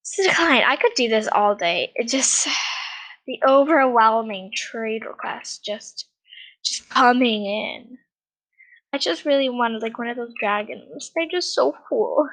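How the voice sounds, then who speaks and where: On a rough recording, a woman with a non-American accent hosts a gaming channel, speaking slowly in a fairly bright, high-ish voice. Her casual gameplay commentary is chatty and rambling, with frequent sighs and giggles.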